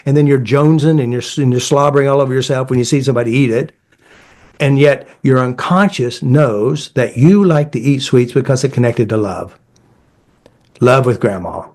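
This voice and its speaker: A man's voice: mid-range voice, normal speed. A middle-aged man, a therapist, telling stories in a casual conversation. His phrasing is blunt and folksy, and he slips into voices to act out quoted dialogue. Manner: animated, acts out quoted dialogue in shifting voices. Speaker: therapist and creator of a healing method.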